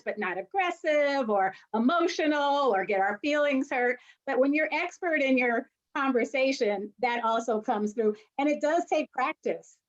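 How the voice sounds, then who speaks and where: A woman speaking as a forum panelist, animated and playful, acting out quoted reactions. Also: high-pitched. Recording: dull muffled audio.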